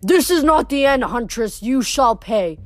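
A woman's voice: fairly high pitch, expressive, measured pace, dry recording. A woman voicing a wounded, furious male manticore monster who wails out threats. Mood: angry threats. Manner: wailing, threatening.

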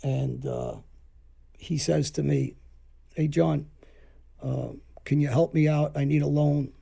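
A man's voice: on the high side, flat delivery, takes it slowly, vocal fry, mellow, husky. A man telling stories casually, rambling and acting out the dialogue he quotes. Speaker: podcast storyteller. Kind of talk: casual storytelling.

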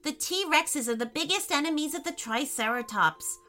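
A woman voicing an excitable young boy who knows a lot about dinosaurs, in a storybook reading. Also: moderate pace. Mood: excited. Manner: eager, high and breathless.

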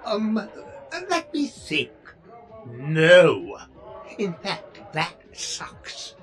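A man voicing a vain, whiny male robot in a comedy audio drama, talking in a slow, self-important way. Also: fairly high pitch, huge pitch swings, creaky, crowd noise, full character voice.

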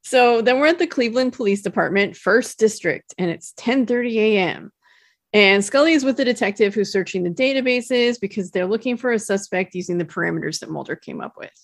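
A woman's voice: mid-range voice, animated, fairly quick, no room sound, clean studio sound. A woman co-hosting a podcast, chatty and easygoing, laughing easily between points. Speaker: podcast co-host. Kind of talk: casual chat.

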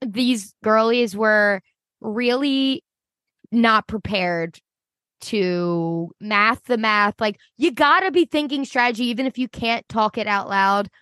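A woman with a fairly high voice chats about a reality show in loose, emphatic slang. The recording is dry and close, with no room echo. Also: takes it slowly, fairly bright tone. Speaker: podcast co-host. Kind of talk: casual reality TV recap chat.

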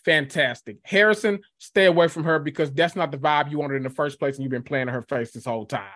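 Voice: mid-range voice, fairly quick, a bit bright, no echo. Podcast guest, mid voice, dry close sound, slangy and playful, laughs a lot. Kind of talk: casual chat.

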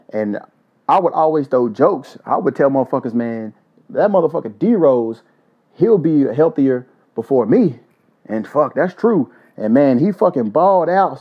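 Profane, animated man ranting. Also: a little high, breathy edge, lo-fi sound. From Louisville, Kentucky. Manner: profane, animated, loose and joking. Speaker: podcast host. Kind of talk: solo podcast rant.

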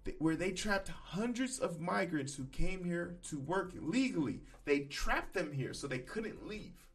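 A man hosts a casual podcast, riffing bluntly and profanely with sudden loud emphatic bursts. His voice sits a little high for a man, and faint music plays underneath. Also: lively intonation, measured pace. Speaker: podcast host. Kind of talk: casual opinion commentary.

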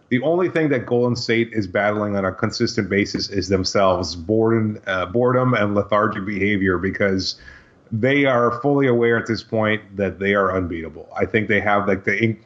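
A man's voice: on the low side, normal speed. A man co-hosting a sports podcast, talking casually and hunting for words with dry asides. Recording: dull lo-fi audio.

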